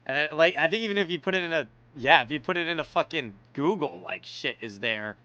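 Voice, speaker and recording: A man's voice: fairly high pitch, animated, a little fast, bright, forceful tone, dull audio. A young American man streaming, chatting casually and reacting with loose slang, frequent swearing and laughs. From United States.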